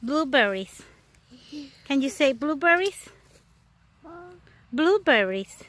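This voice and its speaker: A mother vlogging outdoors at a farm, talking slowly to her toddler in coaxing baby talk and making animal sounds. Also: high-pitched, very animated, fairly bright tone. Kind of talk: casual vlog narration while talking to a toddler. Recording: noisy outdoor camera audio. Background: outdoor noise and animals.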